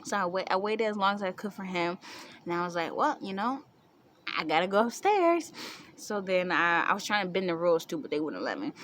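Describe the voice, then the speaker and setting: A woman's voice: lowish voice, sing-song, brisk, fairly bright tone, slight background noise. A young woman tells a story to camera in a chatty way, laughing and acting out what people said. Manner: chatty, laughing, acts out quotes with squeals. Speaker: vlogger.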